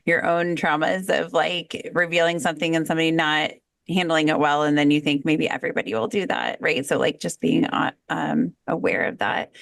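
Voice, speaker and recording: A woman's voice: deep voice, creaky, a bit bright, dry recording. Dry-voiced woman podcast host. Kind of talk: casual podcast interview.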